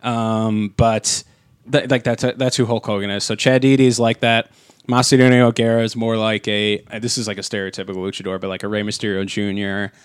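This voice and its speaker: A man's voice: fairly low pitch, little pitch movement, brisk, clean tone, dry recording. A man co-hosting a podcast in casual chat, rambling with many fillers and restarts on a close mic. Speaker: podcast co-host.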